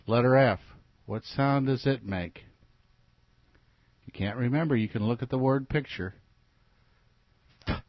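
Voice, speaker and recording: A man's voice: mid-range voice, no room sound. A man teaching children letter sounds in a phonics lesson, patient and repetitive, asking them to repeat after him. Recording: dull, lo-fi recording.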